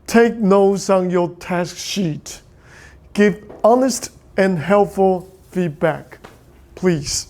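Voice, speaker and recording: A man's voice: sits high, a little mellow. Male lecturer, middle-aged, Taiwanese Mandarin accent, native Mandarin speaker, patient and repetitive classroom instruction. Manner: repetitive, pleading "please" and "okay?", switching between English and Mandarin. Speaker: physics lecturer.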